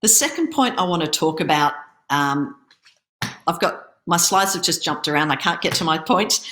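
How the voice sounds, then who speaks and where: Over a video call, a startup accelerator program manager leads a pitching workshop, coaching listeners on presentation tips and occasionally stumbling over words. Her fairly low, fairly bright voice is expressive, runs at normal speed, and echoes around a roomy space.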